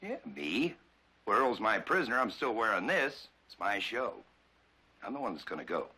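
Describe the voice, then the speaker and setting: An actor playing a grim, determined frontier lawman in a TV western, speaking steadily and resolutely with a husky voice. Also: lowish voice, sing-song, moderate pace, pushed and bright, heavily acted. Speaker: lawman holding a prisoner. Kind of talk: 1960s TV western acting.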